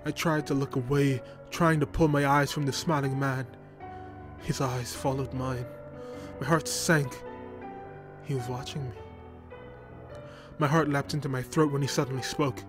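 This horror narrator, telling his tale in the first person, keeps a measured pace broken by long pauses. His ordinary male voice is flat and barely moves up or down, and music accompanies the whole piece.

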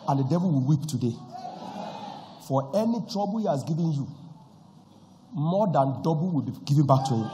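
A man preaching a sermon, moving from quiet storytelling to shouted decrees. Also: a little high, big-room sound, poor audio. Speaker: pastor. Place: church.

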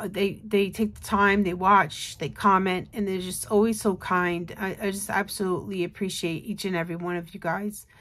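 A woman's voice: medium pitch, fairly bright tone. Tired, chatty woman crafter. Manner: chatty, rambling, with many fillers. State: tired and yawning. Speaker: craft channel host. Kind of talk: casual show-and-tell chat.

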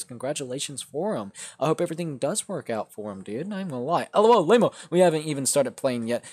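A young man hosting a casual livestream, reading chat aloud and answering viewers, shifting from mumbled asides to loud excited outbursts. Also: fairly high pitch, husky. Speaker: livestream host.

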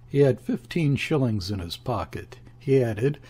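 Husky male audiobook narrator. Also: medium pitch, animated, measured pace, hardly any pauses, mellow. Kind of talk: scripted narration of a classic novel.

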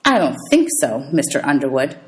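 A woman putting on a low menacing teacher. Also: sing-song, fairly quick. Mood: stern. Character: menacing stern woman teacher, cold and threatening.

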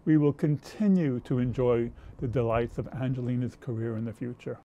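A man hosting a music commentary, introducing performances in a calm, explanatory way. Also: medium pitch, moderate pace.

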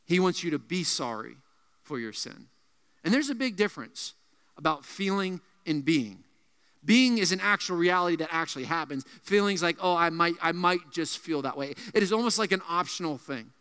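Man, youth pastor, high-pitched, clear ringing voice, emphatic, repeats himself. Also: animated, moderate pace, fairly bright tone, long reverb tail. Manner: emphatic, repeats key phrases, drops low on punch lines. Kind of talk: youth sermon.

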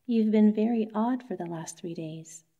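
A woman's voice: medium pitch, normal speed, muffled recording, lightly acted. A woman reading as an earnest, coaxing young clerk husband. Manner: coaxing, gently insistent. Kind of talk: bedtime story reading.

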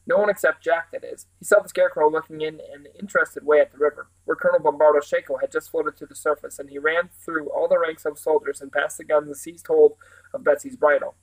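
A man reading a storybook aloud with steady, animated delivery and a few small restarts. His voice sits fairly high for a man. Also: rough recording. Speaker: reader.

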